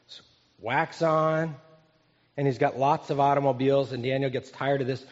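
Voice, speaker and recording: A pastor in his fifties delivers a sermon in an earnest, conversational way, turning to his listeners with questions. His voice is a little high for a man, steady in tone, at a moderate pace. The recording is muffled and dull, ringing with a long echo from the hall.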